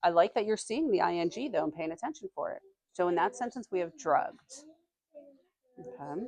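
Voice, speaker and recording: Teacher woman with a low, dry voice. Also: expressive, vocal fry, a little mellow, no echo. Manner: reads aloud slowly, quizzes students. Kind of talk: classroom reading lesson. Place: classroom.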